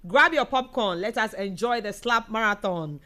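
A woman's voice: fairly high pitch, moderate pace. Chatty Ghanaian woman hosting live. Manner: chatty, animated, laughs often, mixes in local words. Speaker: live show host reading viewer comments. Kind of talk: casual live commentary.

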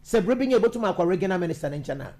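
A man's voice: high voice, lively intonation, rapid-fire, a loud crowd. A man conducting a conversational interview, prompting his guest and repeating back the answers in Twi and English.

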